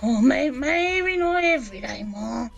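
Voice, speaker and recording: A woman's voice: high-pitched, animated, measured pace, vocal fry, faint music behind, heavily acted. A woman playing an easygoing young sailor son in a tabletop game, hesitant and trailing off.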